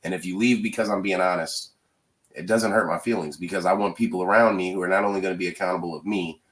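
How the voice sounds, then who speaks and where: Bright-voiced man in swearing casual chat. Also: sits low, fast. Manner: animated, swears freely, bursts into loud laughs. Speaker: podcast co-host.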